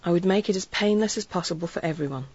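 A woman narrating a story in an earnest, measured storytelling way. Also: lowish voice, darkish tone, breathy edge, dry recording, lo-fi sound. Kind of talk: audiobook narration.

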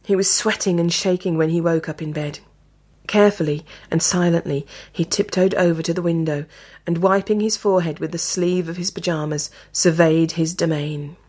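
Low-voiced woman reading a story. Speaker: narrator. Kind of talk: storytelling narration.

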